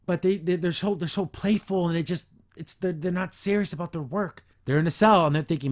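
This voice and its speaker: A man hosting a podcast, reviewing a cartoon episode in a rambling, animated way, acting out the characters as he retells it. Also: fairly high pitch, brisk, hardly any pauses. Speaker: podcast host.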